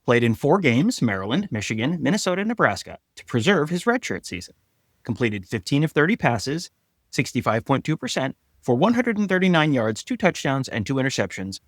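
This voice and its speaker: A man co-hosting a sports podcast, telling stories with wry humor and quick mock voices. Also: medium pitch, big pitch swings, dry recording, studio quality. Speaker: podcast co-host. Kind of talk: casual sports chat.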